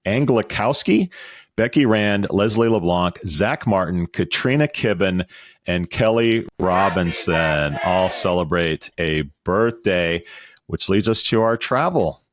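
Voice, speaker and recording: A man's voice: sits low, lively intonation, slow pace, no echo, studio quality. A middle-aged man hosting a podcast, chatty and joking as he reads promos and lists of names. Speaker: podcast host. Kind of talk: casual podcast chat.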